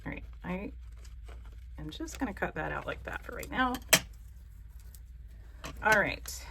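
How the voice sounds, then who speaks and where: A woman's voice: mid-range voice, a bit bright, slight background noise. A woman with a Southern American accent hosts a casual craft tutorial, chatty, joking and encouraging. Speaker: craft channel host.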